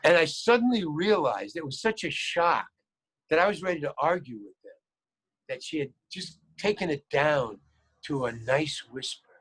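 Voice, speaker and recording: Male guest spinning an anecdote, lively and acting out each voice, a touch high-pitched. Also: normal speed, husky. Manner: animated, acts out quoted lines, repeats words. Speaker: guest actor. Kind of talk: storytelling anecdote.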